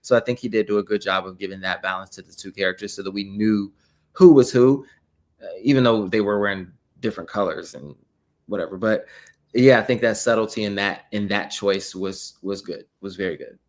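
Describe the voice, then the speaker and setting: A man co-hosting a podcast in casual chat, giving candid, measured opinions with a chuckle. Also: lowish voice. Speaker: podcast co-host.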